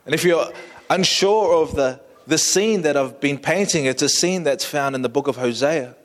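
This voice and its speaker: A man preaching a sermon, painting a vivid scene slowly and inviting listeners to imagine it. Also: a little high, in a large hall. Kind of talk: storytelling sermon.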